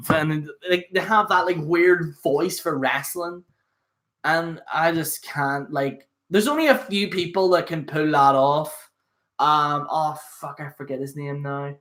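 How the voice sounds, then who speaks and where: A man's voice: on the high side, a little slow, fairly bright tone. A young man hosting a casual solo stream, rambling and swearing with lots of fillers. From Northern Ireland. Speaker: host. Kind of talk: casual solo livestream chat.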